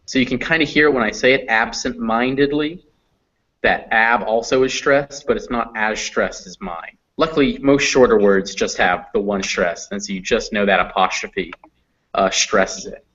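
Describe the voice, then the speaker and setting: A man's voice: on the low side, normal speed, fairly bright tone. A man teaching English pronunciation to a class, patiently explaining step by step. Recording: dull lo-fi audio.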